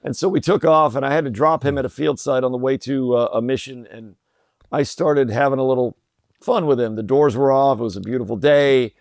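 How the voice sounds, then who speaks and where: Middle-aged guy with a gravelly voice, chatty storyteller, dry close sound, lots of uhs. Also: mid-range voice, fairly quick, no room sound. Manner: relaxed storyteller with frequent uh fillers and restarts. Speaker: podcast guest, company president. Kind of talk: conversational storytelling.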